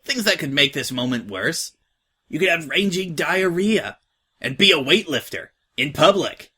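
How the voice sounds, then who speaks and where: A man's voice: a little high, sing-song, a little slow, pushed and bright, husky, exaggerated voice. A man voicing a tough, slangy young filly who talks bluntly and offhand. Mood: teasing. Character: brash, tough young filly, slangy orphan-home veteran.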